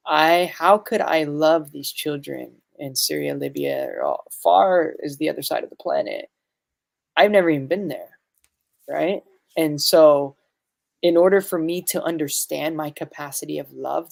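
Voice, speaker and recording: A man's voice: fairly high pitch, gravelly. A man guest on a podcast, a medicine facilitator telling a spiritual story in an earnest, reflective way, full of "you know" fillers.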